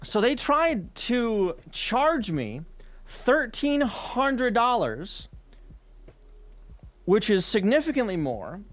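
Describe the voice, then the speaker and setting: A man streaming while scanning old workbooks, ranting about a utility bill in casual, heavily profane chat. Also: high voice.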